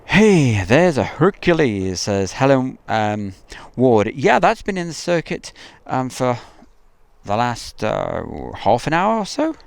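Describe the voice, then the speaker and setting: A man's voice: mid-range voice, very animated, slow pace, gravelly, clear, resonant tone, no echo. A man hosting a casual outdoor live stream, rambling chattily and reading viewer messages aloud. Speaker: livestream host. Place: outdoors at an airfield.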